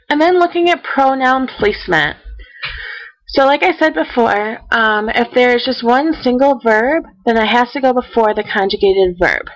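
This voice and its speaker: A woman teacher giving a recorded grammar lesson in a methodical way, counting out each step and reading example sentences slowly. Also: on the high side, poor audio. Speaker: Spanish teacher.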